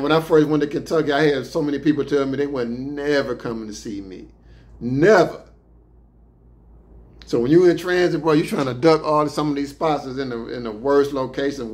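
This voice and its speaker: Male storyteller, casual streetwise slang, profane, mid-range voice, relaxed anecdotes. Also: mid-range voice, moderate pace. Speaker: podcast host telling prison stories.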